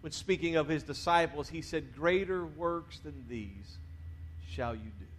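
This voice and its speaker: A man preaching a sermon in a church, talking conversationally, dropping quiet at the ends of phrases and rising to urge the congregation on. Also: fairly high pitch, measured pace, a little hiss or hum. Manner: conversational preaching, drops to quiet endings, rises to urge the crowd. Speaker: pastor. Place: church sanctuary.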